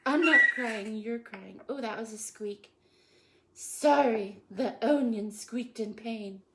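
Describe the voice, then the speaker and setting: A woman's voice: on the high side, slow pace, gravelly, mellow, low-quality recording. Playful woman hosting a cooking show. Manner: playful, jokey, self-praising with puns. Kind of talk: casual live cooking chat. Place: home kitchen. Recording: kitchen noise with chopping and clicks.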